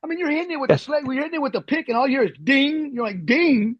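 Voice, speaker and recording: A man in his fifties, an army veteran, telling animated, slangy war stories in a casual way. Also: extremely high pitch, rapid-fire, no room sound. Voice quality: animated, slangy, says "dude". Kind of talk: casual storytelling. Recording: dull lo-fi recording.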